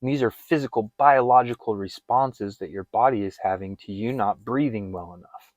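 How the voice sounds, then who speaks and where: A man's voice: on the low side, moderate pace, no echo, highs cut off. A man coaching listeners through a breathing exercise in an earnest, direct way, often repeating his instructions. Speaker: fitness and wellness coach.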